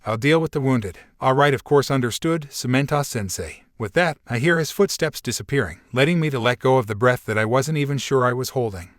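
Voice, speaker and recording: A man reads a first-person fan fiction story aloud in a steady, even voice at a middling pitch. He barely shifts his voice between characters. The mic sits close in a dead, dry space. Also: a little fast, hardly any pauses, dry recording.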